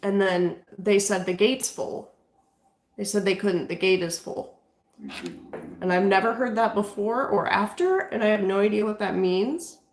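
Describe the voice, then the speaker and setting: A woman's voice: medium pitch, moderate pace. Woman, ghost-hunting session, casual chatty talk, restarts mid-sentence, questions spirits, echoey room in a house. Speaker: paranormal investigator.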